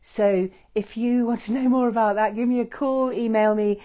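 A woman leading a guided meditation with chanting, gentle and effusive, with many fillers. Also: fairly high pitch, steady tone, normal speed.

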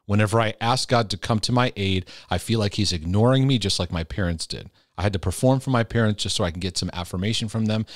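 Brief: earnest man, lowish voice, dry close mic, casual Q&A on faith and feelings. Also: no echo. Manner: earnest and direct, with restarts and laughter. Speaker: Christian mental health teacher answering viewer questions. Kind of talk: casual livestream Q&A, reading and answering questions.

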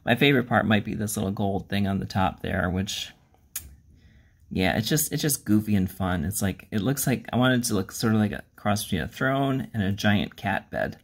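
A man's voice: fairly low pitch, lively intonation, normal speed. Rambling, self-deprecating male hobby vlogger. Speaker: miniature painting channel host. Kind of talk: casual hobby vlog.

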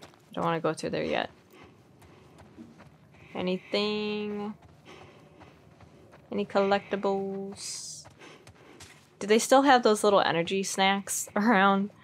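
A woman's voice: medium pitch, steady tone, slow, creaky, long pauses, slight background noise. Giggly woman narrating her gameplay. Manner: chatty, giggly and self-deprecating. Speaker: gaming streamer. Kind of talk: casual let's-play commentary.

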